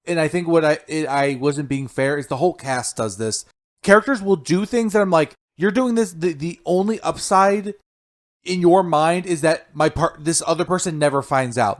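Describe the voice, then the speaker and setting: A man co-hosting a podcast, chatting casually and agreeably, often trailing off. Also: on the high side. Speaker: podcast co-host. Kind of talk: casual podcast review chat.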